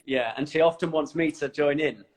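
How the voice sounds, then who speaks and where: A man's voice: fairly high pitch, brisk. A man joining a livestream as a guest on a video call, chatting in an easygoing way and laughing readily. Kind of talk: casual chat.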